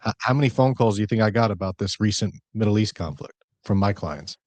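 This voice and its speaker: A man hosting a podcast as an investment advisor, chatting casually with jokes and quick asides. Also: fairly low pitch, darkish tone, no room sound. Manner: jokey, talkative, rapid asides.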